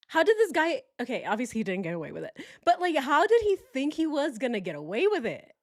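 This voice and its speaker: A woman's voice: mid-range voice, no echo, studio quality. A woman giving casual true crime reaction commentary, incredulous and laughing often.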